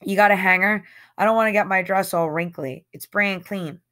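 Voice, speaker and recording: A woman's voice: mid-range voice, normal speed, fairly bright tone, close to an everyday voice. A woman voicing a nervous, impatient young woman who talks in blunt, clipped lines while reading a novel aloud. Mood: curt, impatient.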